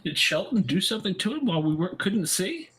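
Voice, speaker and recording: Raspy, animated man joking crudely. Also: high-pitched, quick pace. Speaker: podcast co-host. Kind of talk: casual banter.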